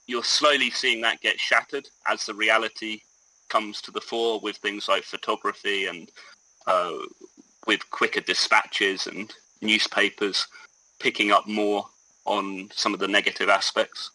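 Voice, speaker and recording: Male podcast co-host, casual history chat, slightly low voice, dry sound. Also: level tone, unhurried, bright, forceful tone, dry recording, poor audio.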